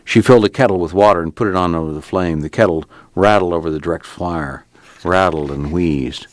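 A man's voice: low voice, no echo. A man reading a novel aloud and making station announcements on a radio book program. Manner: measured, expressive storytelling. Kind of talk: scripted narration.

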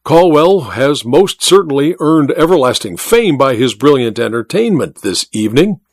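A man's voice: on the high side, very animated, moderate pace, no echo, clean studio sound. A man voicing a bluff, hearty, wealthy male mining magnate in a story reading. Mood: jovial. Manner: boisterous, jovial, teasing.

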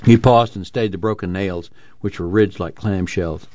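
A man reading an audiobook aloud in a steady storytelling manner. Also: deep voice, normal speed, highs cut off. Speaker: audiobook reader. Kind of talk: scripted narration.

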